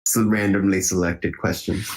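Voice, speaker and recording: A man's voice: deep voice, little pitch movement, normal speed, darkish tone, a little hiss or hum. A man co-hosting a podcast in casual chat, easygoing and chuckling often as he reads out listener questions. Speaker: podcast co-host.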